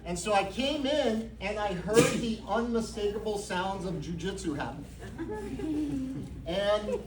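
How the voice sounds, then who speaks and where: A man whose voice sits high talks a little slowly as he accepts a black belt promotion at a jiu-jitsu academy. His speech is a funny anecdote, timed for laughs, that eventually turns sincere. He's far from the mic in an echoing room full of crowd noise.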